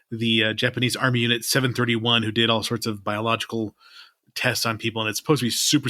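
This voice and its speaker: A man's voice: medium pitch, bright, forceful tone, no room sound, clean studio sound. A man co-hosting a podcast, chatting casually with a rambling, laid-back manner that trails off at the ends of lines. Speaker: podcast co-host. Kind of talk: casual chat.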